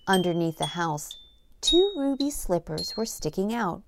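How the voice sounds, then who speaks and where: A middle-aged woman narrating a children's story in a gentle, sing-song read-aloud manner. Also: lowish voice, sing-song, measured pace, background noise. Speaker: narrator and producer.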